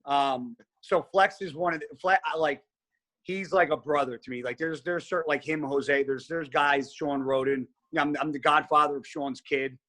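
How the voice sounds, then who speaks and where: A man's voice: fairly high pitch, moderate pace. A man as a podcast guest, telling stories in casual chat, blunt and heavy on profanity. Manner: blunt, profane, animated storyteller.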